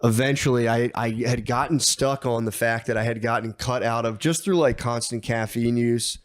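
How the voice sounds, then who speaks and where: A man's voice: medium pitch, fairly even intonation, moderate pace, no echo. A young man co-hosting a podcast, telling a rambling story full of swearing and stammered restarts. He acts out his own thoughts and quotes as he goes. The sound is dry and close. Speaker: podcast co-host. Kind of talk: casual storytelling chat.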